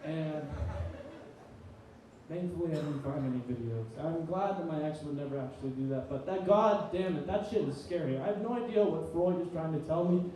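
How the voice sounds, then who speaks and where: Echoey, distant young stand-up comic. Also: male voice, a little high, moderate pace, dark tone. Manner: rambling, profane, self-deprecating storytelling. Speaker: student stand-up comedian. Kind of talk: stand-up comedy set. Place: small live comedy venue. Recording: very echoey room, distant mic.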